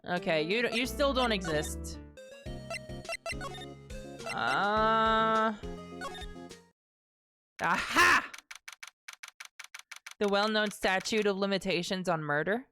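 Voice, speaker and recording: A woman's voice: medium pitch, slow, long pauses. Sarcastic young woman streaming a game. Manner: sarcastic, swears freely, laughs a lot. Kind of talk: live game commentary. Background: game music.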